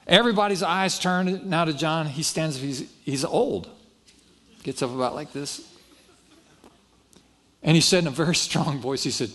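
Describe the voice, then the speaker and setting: A man preaching with a fairly high voice. He tells a personal story from the pulpit in a folksy, self-deprecating way, acting out what each person said. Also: normal speed. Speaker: pastor. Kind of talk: sermon storytelling.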